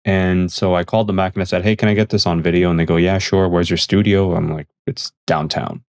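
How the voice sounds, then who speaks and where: A man's voice: deep voice, little pitch movement, quick pace, clean tone, no echo, studio quality. A man from Canada, a podcast guest and magazine editor, telling a story in an earnest, reflective way and acting out the dialogue.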